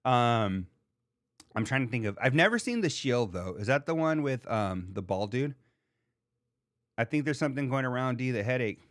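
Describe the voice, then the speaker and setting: Man, podcast host, casual rambling chat, lots of ums, mid-pitched voice, dry close sound. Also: very animated, normal speed, fairly bright tone, no room sound. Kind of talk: casual chat reading live chat.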